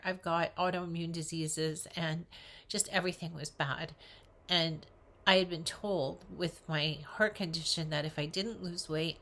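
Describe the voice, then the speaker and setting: Older woman vlogger, slightly low voice, earnest and encouraging in casual to-camera chat. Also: a bit bright. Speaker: weight loss vlogger. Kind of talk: casual direct-to-camera talk.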